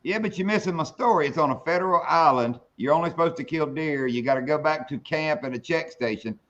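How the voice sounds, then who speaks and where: Over dull, lo-fi stream audio, a fishing show host swaps hunting tales in a salty drawl. His voice is a little high and slightly bright, and he talks quickly.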